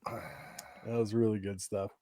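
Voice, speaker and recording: A man's voice: lowish voice, flat delivery, slow, mellow, no room sound, studio quality. A man cohosting a sports podcast, teasing and wisecracking with the guest. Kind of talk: casual chat.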